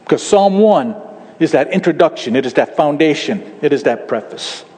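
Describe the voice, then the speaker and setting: A man's voice: fairly high pitch, lively intonation, moderate pace, a little mellow, slightly rough, big-room sound. A man preaching a sermon to his congregation, stressing key words emphatically. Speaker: pastor.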